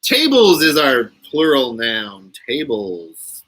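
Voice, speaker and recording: A man's voice: mid-range voice, sing-song, a little slow, bright, forceful tone, low-quality recording. A man hosting a casual live stream from home, playful and laughing often as he runs a word game with viewers.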